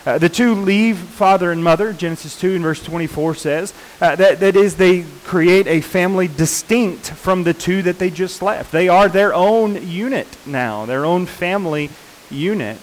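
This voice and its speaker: A man preaching a sermon in an unhurried, earnest way, often pausing with fillers and restarting his sentences. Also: high voice, low-quality recording.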